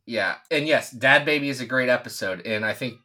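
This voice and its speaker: A man's voice: mid-range voice, a little fast, sharp tone. A man in his thirties, co-hosting a podcast in casual chat, joking and ranting, sometimes trailing off into mumbles. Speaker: podcast co-host.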